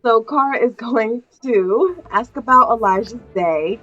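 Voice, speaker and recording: A woman's voice: fairly high pitch, unhurried, pushed and bright, muffled recording. A woman giving casual, chatty narration of a life-sim game, with a playful, giggly storytelling manner. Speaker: gameplay narrator.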